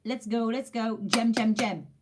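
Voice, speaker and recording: A woman's voice: a little high, fairly even intonation, measured pace, noisy background. A woman giving a casual tarot reading to camera, chatty and emphatic, repeating phrases for emphasis and swearing mildly. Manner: informal, with mild swearing. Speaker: tarot reader.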